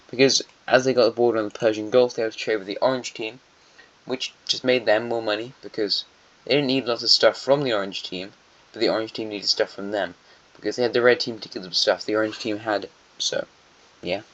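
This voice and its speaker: Dude rambling over a history map, fairly low voice, kinda dull lo-fi sound. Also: male voice, a little fast, a bit bright. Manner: meandering, musing aloud, self-correcting asides. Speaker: alternate-history map narrator. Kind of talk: casual rambling commentary. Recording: dull lo-fi mic.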